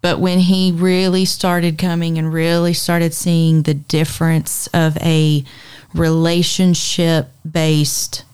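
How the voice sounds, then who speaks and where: A woman's voice: low voice, little pitch movement, slow, darkish tone, clear, resonant tone. A woman, a podcast co-host telling a story in casual chat, often repeating words. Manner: chatty, repeats words as she recounts.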